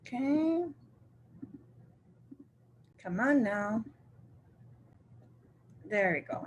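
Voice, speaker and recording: A woman's voice: a little high, expressive, drawn-out words, pauses often, fairly bright tone. Chatty older woman telling a story. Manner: chatty, laughs often, acts out quoted friends. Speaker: sales representative hosting a live video. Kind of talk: casual storytelling to viewers.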